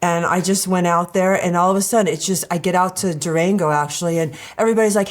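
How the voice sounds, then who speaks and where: A woman's voice: on the low side, fast. Woman telling personal stories with feeling. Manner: animated, emotional storyteller. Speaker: reality show contestant. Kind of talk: candid interview storytelling.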